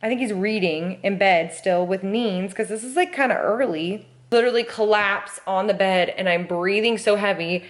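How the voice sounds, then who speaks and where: A young woman talks straight to her camera in a casual vlog, filling her story with "like" and acting out what everyone said. Her voice sits at an ordinary pitch for a woman. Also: normal speed, few pauses. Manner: animated, acts out quoted voices, frequent "like". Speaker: vlogger.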